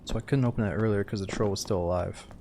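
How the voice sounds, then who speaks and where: A young man with a fairly low voice gives laid-back, profane commentary while he plays. The recording is noisy, with mouse clicks in the background. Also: fast talker. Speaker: game streamer. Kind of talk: casual gameplay commentary.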